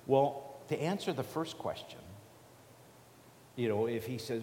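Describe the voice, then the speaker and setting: A man's voice: medium pitch, a little slow, warm tone, slight background noise. A man preaching a sermon in an earnest, conversational way, with restarts and repeated questions. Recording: echoey hall reverb.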